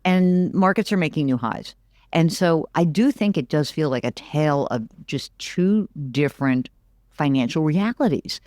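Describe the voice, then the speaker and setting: Middle-aged woman, money analyst guest, animated and emphatic, dry close sound. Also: deep voice, moderate pace, no echo. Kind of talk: conversational interview.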